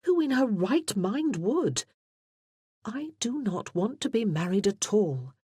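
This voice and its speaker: A man voicing a warm, candid young widow in an audiobook, talking earnestly and a little breathlessly. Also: high voice, sing-song, slow pace, slightly rough, no room sound, studio quality, pitched above the performer's own voice, exaggerated voice. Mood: reassuring. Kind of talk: audiobook character voice.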